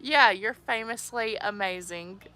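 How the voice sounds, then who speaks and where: Speaking at a measured pace in a medium-pitched, childlike voice, a young woman reads viewer comments during a livestream with no room sound. She's giggly and animated, laughing frequently in the casual chat.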